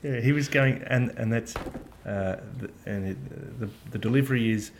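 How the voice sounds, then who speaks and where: A man's voice: medium pitch, normal speed. Rambling man, faint hiss. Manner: rambling, hesitant with many ums. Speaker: podcast co-host. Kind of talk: casual chat.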